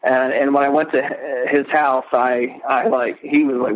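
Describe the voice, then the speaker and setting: A middle-aged man speaking as an interview guest, earnest and emotional, halting as he recounts. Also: medium pitch, rough recording. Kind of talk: casual interview.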